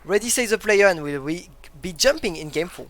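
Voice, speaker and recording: An esports caster giving live play-by-play commentary in non-native English, excitable and prone to sudden loud exclamations. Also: mid-range voice, fairly quick, slight background noise. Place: broadcast booth.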